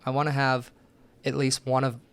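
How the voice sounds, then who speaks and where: A man's voice: mid-range voice, normal speed, clear, resonant tone. A young man, an interview guest, telling rambling, profane stories in casual chat. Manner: profane, rambling, animated storyteller.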